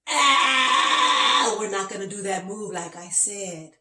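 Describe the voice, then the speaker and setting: A woman giving a voice to her own aching back as it flatly refuses to move. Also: medium pitch, moderate pace, reverberant, natural voice. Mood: stubborn.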